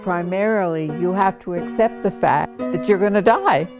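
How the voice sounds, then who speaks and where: An older woman telling her family's story in a relaxed, good-humored way for a news interview. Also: on the low side, moderate pace, music in the background.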